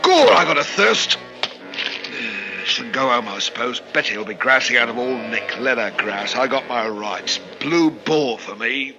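Actor as a bitter lonely hangman, slow and sullen, radio drama. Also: medium pitch, expressive, lo-fi sound, loud music behind the voice. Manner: sullen muttering, flares into shouting. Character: lonely bitter male hangman, working class.

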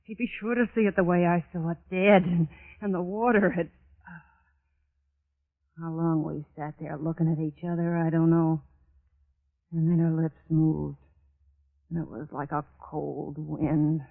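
Brief: unhinged, haunted murderess narrating her crime, slow and brooding, tinny old radio play. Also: sits low, little pitch movement, gravelly, exaggerated voice. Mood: dread. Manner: feverish, repeating herself, brooding. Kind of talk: 1940s radio acting.

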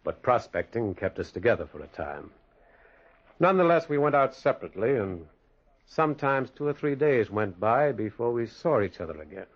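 A husky, brooding loner. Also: male voice, mid-range voice, moderate pace. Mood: narrating. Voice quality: husky, expressive storytelling. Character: lonely male loner haunted by memories. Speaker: narrator and lead character. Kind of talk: 1940s radio acting. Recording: dull lo-fi old radio recording.

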